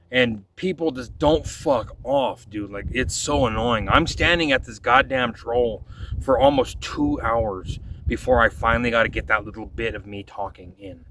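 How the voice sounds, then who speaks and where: A man's voice: mid-range voice, fairly bright tone, far from the mic, slight background noise, low-quality recording. A young man, a vlogger, telling stories from his trips in casual, exasperated, profanity-laced rants. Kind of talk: casual storytelling.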